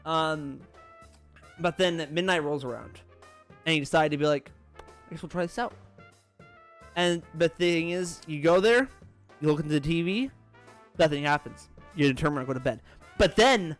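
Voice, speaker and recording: A man co-hosting a casual podcast, animatedly retelling a game's story and acting out the characters' lines. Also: a little high. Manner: animated, acts out characters' lines in quick voices. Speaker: podcast co-host.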